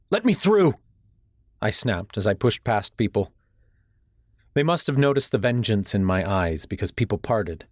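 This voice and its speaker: A man's voice: fairly low pitch, no room sound, studio quality. A man narrating a first-person audiobook in a tense, urgent storytelling manner.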